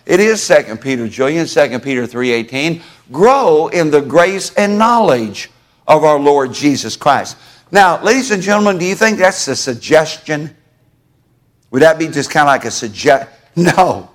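A man's voice: fairly high pitch, expressive, normal speed. A man preaching a sermon to his congregation in a church, folksy and conversational, calling on listeners by name. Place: church sanctuary.

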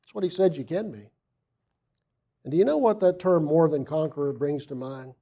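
A man preaching a sermon, reading scripture aloud and asking the congregation questions, swinging from loud emphasis to hushed asides. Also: fairly high pitch, normal speed, breathy edge.

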